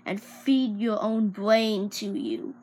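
A woman's voice: medium pitch, slow pace, darkish tone, a little hiss or hum. A woman playing a cruel knife-happy villain boss. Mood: menacing. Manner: menacing, mocking threats. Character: cruel stabbing villain boss, threatening and bossy.

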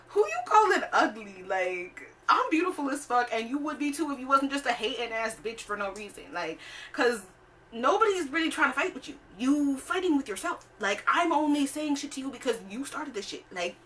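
Sassy, bright-voiced woman ranting. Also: sits high, very animated, moderate pace, far from the mic. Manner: blunt, profane, sassy, filler-heavy. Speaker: vlogger. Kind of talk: casual storytime rant.

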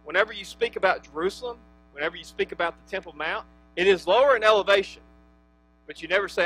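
Male pastor, high and sharp-toned, impassioned sermon delivery that drops to a hush then surges, faint music behind. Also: fast talker, rough recording. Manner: impassioned, swings from hushed to emphatic; restarts phrases with frequent fillers.

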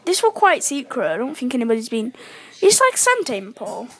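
A woman giving chatty live commentary while playing a video game, talking to herself with excitable outbursts. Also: a little high, moderate pace, slightly rough. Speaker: gamer.

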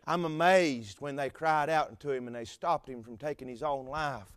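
A man's voice: mid-range voice, moderate pace, hardly any pauses, smooth, no room sound. A man preaching a fervent sermon with repetitive phrasing and stammered fillers.

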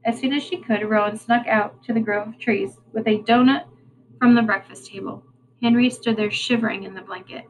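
A woman reading a children's novel aloud in a steady, plain storytelling way. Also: mid-range voice, moderate pace, slight background noise, low-quality recording. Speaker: reader.

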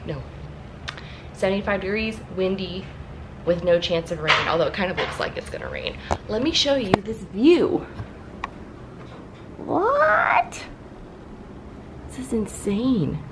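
A chatty young woman hosting a casual travel vlog, excitable and quick to laugh. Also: medium pitch, background noise. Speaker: vlogger. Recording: music playing under the voice.

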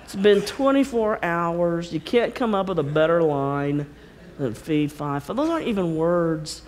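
A woman's voice: on the low side, lively intonation, measured pace, a little mellow, voice pushed down, low-quality recording. A woman voicing Jack, a cocky young man from the fairy tale, who sounds sarcastic and then boastful. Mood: scornful.

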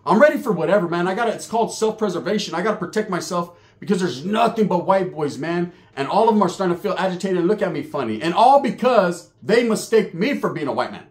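A man's voice: sits high, expressive, fast, hardly any pauses. A man telling a prison story in casual, profane, slang-heavy street talk.

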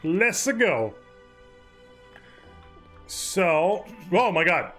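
Joking high-voiced man streaming a game. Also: very animated, very slow, a bit bright, soft background music. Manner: joking, laughing, crude asides. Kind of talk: casual let's play commentary.

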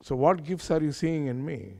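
A man's voice: on the high side, lively intonation, moderate pace, creaky, warm tone. Preaching man. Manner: earnest, conversational preaching with questions to the audience. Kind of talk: sermon.

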